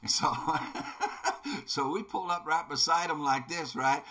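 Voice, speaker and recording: A man's voice: a little high, lively intonation, unhurried, sharp tone. A man hosting a game video, telling a casual anecdote with many restarts, fillers and repeated words. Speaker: let's play host. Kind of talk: casual anecdote told while gaming.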